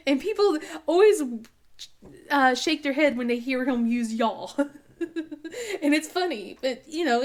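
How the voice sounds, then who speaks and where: A woman in her thirties with a Southern twang, chatting casually and laughing often as she works on a craft for her vlog. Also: high-pitched. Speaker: crafting vlogger. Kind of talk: casual chat while diamond painting.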